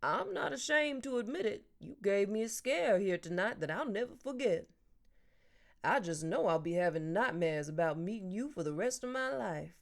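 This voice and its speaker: A woman's voice: medium pitch, animated, normal speed, natural voice. A woman voicing a kindly, teasing older man and grandfather who jokes in a dry, storytelling way.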